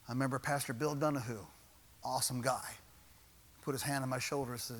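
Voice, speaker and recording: A man's voice: mid-range voice, steady tone, quick pace, a bit bright. A man preaching a sermon as pastor in a church, building his points with repeated refrains and rising intensity.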